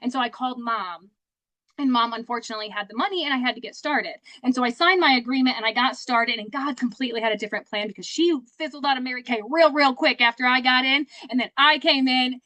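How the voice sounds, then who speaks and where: A young woman with a high voice tells her story in a casual, upbeat way, full of faith and jokes about herself. The recording is close and dry, with no room sound. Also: quick pace, bright, forceful tone, no room sound. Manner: chatty, faith-filled, self-deprecating. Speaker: guest speaker, sales director. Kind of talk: casual motivational talk.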